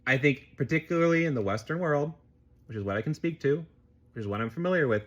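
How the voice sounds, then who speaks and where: A man vlogger telling a personal story as political commentary, in an expressive, animated way. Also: a little high, fast, muffled recording.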